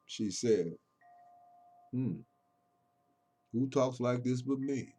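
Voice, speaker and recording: Speaking extremely slowly and pausing often, a poet with a husky voice holds forth on his poems over soft background music. He is impassioned, preachy and emphatic, alternating booming proclamations with quiet, intimate murmurs.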